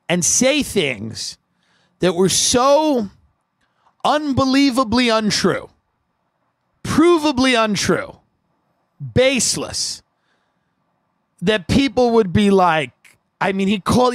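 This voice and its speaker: A man telling a comedic story, animated and profane, acting out the people in it with bursts of shouting. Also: high voice, no room sound.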